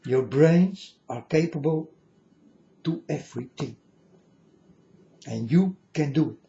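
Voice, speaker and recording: A man putting on a high, singsong voice that he says sounds like an eighty-year-old man. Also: animated, slow pace, gravelly, mellow, exaggerated voice. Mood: preachy. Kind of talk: showing off a put-on voice. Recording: dull lo-fi recording.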